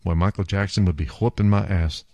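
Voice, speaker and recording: A man's voice: sits low, steady tone, fairly quick, mellow, no room sound. A man hosting a casual beer podcast, enthusiastic and self-mocking as he chats and jokes. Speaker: podcast host.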